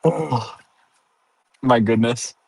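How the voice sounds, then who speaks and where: A man's voice: mid-range voice, drawn-out words, gravelly, darkish tone, husky, dry recording, rough recording. A sleepy man streaming casual chat to his viewers, giggling often between sentences and turning playfully dramatic.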